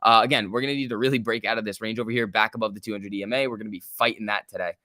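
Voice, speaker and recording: A young man hosting a live stock market stream, talking casually and excitably, swearing freely and reading chat aloud. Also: on the low side, rapid-fire, dry recording, clean studio sound. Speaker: stock market livestream host.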